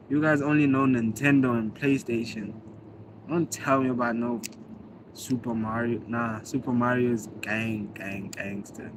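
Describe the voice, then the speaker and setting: A South African man whose first language is Zulu talks with viewers on a livestream, relaxed and full of slang, thanking people by name as he reads their comments. His voice is medium-pitched, with noise in the background.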